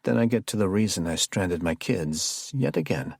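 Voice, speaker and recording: Gravelly low male thriller narrator. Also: animated, moderate pace, few pauses, darkish tone, dry recording, clean studio sound. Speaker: audiobook narrator. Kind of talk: first-person thriller narration.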